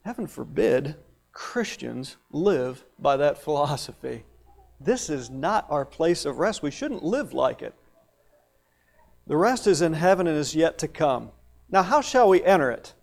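A man's voice: fairly high pitch, lively intonation, unhurried, vocal fry, darkish tone. A male pastor preaching a sermon in a conversational way, with playful asides and rising emphasis on key words.

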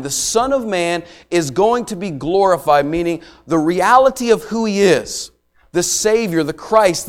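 A man with a slightly higher-pitched voice teaches a sermon in an easy, conversational way, pausing to ask if listeners are following. He drops to a soft, slow hush when he wants a phrase to land. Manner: slows and drops quiet on key phrases. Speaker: pastor.

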